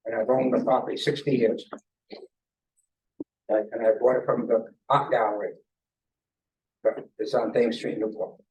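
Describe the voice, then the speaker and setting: An older man giving rambling public comment at a hearing, full of anecdotes and halting restarts. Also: mid-range voice, little pitch movement, darkish tone, distant mic, poor audio. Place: government conference room.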